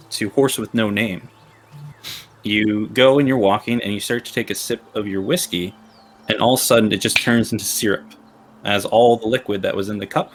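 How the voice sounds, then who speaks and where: A man's voice: on the low side, a bit bright, slight background noise. A man running a tabletop game as game master, narrating playfully and laughing often.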